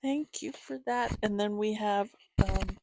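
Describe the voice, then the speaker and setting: A woman hosting her own channel, chatting casually with viewers as she shows gifts, giggling often and filling pauses with "um". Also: medium pitch, darkish tone, no echo. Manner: chatty, giggly, many fillers. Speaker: channel host reading to her cats. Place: home, reclining.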